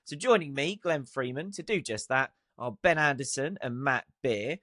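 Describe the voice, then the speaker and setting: A man hosts a chat podcast at a middle pitch, lively and quick to laugh. His voice sounds close and dry, with no room around it. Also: no room sound. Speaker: podcast host. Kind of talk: casual chat.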